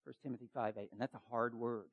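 A man preaching a sermon as pastor, urgent and emphatic, with quick asides to the congregation. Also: medium pitch, fairly even intonation, narrow, tinny audio.

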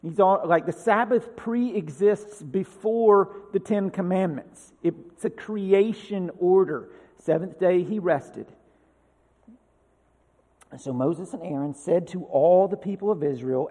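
A man's voice: high voice, unhurried, warm tone. A man preaching a sermon, reading scripture aloud with rising emphasis and breaking into casual asides. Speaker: pastor. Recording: reverberant hall.

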